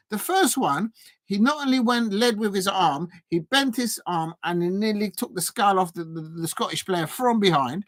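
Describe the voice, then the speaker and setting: A man hosting a live football watch-along, chatting with viewers and getting excitable, even shouting, at big moments in the match. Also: high-pitched, normal speed, dry recording. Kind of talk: live match reaction and chat.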